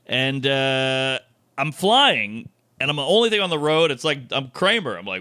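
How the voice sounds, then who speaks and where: Bright animated man telling a story. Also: medium pitch, normal speed, no echo, clean studio sound. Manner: animated storyteller acting out quoted voices. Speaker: comedian. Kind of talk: storytelling on a comedy podcast.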